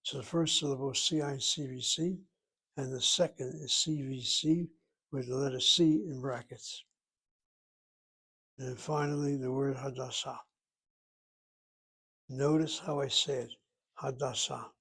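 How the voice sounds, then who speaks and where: Gravelly man teaching Hebrew out loud. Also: mid-range voice, fairly even intonation, unhurried, pauses often. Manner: thinking aloud, rhetorical questions, spells words out. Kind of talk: self-study lesson, reading from a textbook.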